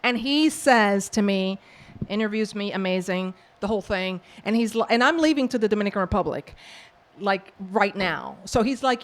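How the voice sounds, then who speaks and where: A woman from the Bronx, an author and professor, answering audience questions with lively, acted-out storytelling. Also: medium pitch, moderate pace. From New York, the Bronx. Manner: animated storyteller who acts out quoted exchanges. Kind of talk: book talk Q&A, storytelling.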